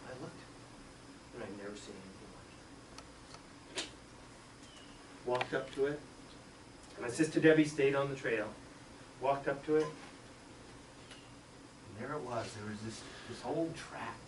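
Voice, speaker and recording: A middle-aged man, a school superintendent, telling a childhood story in an animated way, acting out voices and sound effects. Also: mid-range voice, a little slow, pauses often. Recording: echoey room, distant mic, faint hiss.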